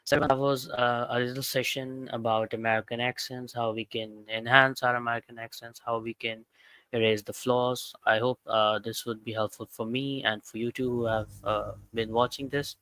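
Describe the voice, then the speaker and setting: An earnest male host who speaks in a halting, careful way with little rise and fall. His voice is bright and forward, and it is recorded close and dry. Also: mid-range voice, little pitch movement, clean tone, no echo, rough recording. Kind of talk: accent practice and sign-off chat.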